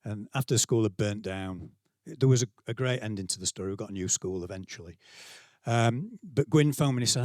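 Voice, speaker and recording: Brief: middle-aged Yorkshire man at a conference, chatty keynote storyteller, lower voice, dry close sound. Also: fairly quick, darkish tone, dry recording. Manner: conversational, self-deprecating, acts out quotes. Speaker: keynote speaker, school leader. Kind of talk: conference talk, anecdotal storytelling. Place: conference venue, speaking to staff.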